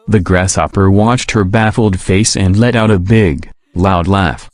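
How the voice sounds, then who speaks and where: Low-voiced man narrating a storybook. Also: normal speed, few pauses, darkish tone, no echo, faint music behind.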